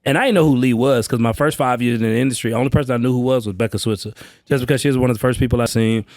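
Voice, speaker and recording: A man, a sales trainer guest on a podcast, telling stories casually and slangily, acting out quotes with big jumps up in pitch. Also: steady tone, rapid-fire, a little mellow, no echo, studio quality. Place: indoor training space, live session.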